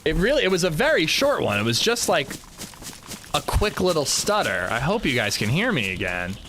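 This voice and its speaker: Livestreaming a game at a moderate pace, this man tells stories in casual chat, cursing and performing the quotes he repeats. His voice is a little high with huge pitch swings, and background noise is present.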